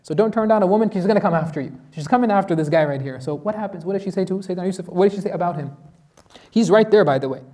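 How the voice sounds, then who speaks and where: A man's voice: sits high, rapid-fire, dark tone. A man teaching a Quran lesson as an imam, asking his class questions and reciting Arabic verses.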